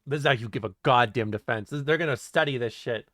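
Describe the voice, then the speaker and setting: A man's voice: medium pitch, fast talker, pushed and bright, no echo, clean studio sound. A man streaming live, reading his chat aloud and joking around with plenty of swearing and laughter. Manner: joking and profane, often laughing. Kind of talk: casual livestream chat reading.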